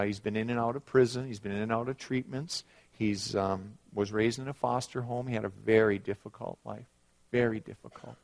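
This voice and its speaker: A middle-aged man preaching a sermon, moving from quiet asides to loud, emphatic passages and telling stories. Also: mid-range voice, vocal fry. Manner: storytelling with acted quotes.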